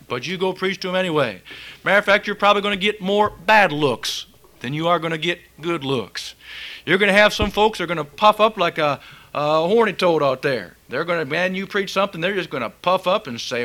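Male preacher, sermon, fiery folksy delivery, bright forceful voice, fairly high. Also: lively intonation, brisk. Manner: fiery, folksy preaching, reads scripture aloud.

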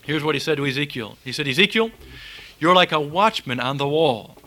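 A man's voice: on the high side, lively intonation, fairly quick, sharp tone. Fiery folksy preacher man. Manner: fiery, folksy preaching, reads scripture aloud. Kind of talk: sermon.

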